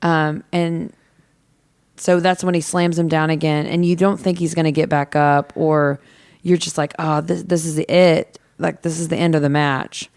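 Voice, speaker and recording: Woman, podcast co-host, casual film recap, low pitch, clear tone, dry close sound. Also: little pitch movement, moderate pace, darkish tone, no room sound. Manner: rambling recap with many ums and quoted lines. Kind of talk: casual movie recap chat.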